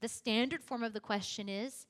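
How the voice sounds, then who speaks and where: A woman's voice: on the high side, moderate pace. A young woman giving a conversational teaching talk, chatty and self-deprecating, with frequent casual asides. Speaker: youth apologetics teacher.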